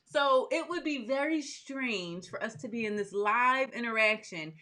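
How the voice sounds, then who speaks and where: A woman's voice: on the high side, animated, a little slow, sharp tone. A woman who makes soap, hosting a live stream in an upbeat, chatty way and greeting viewers by name. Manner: chatty, upbeat, talks straight to her audience.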